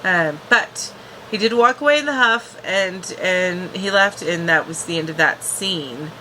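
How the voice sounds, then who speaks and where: A woman's voice: fairly low pitch, a little slow, bright, forceful tone, slight background noise, low-quality recording. A woman casually recapping a TV episode as a reviewer, chatty, with frequent restarts and fillers.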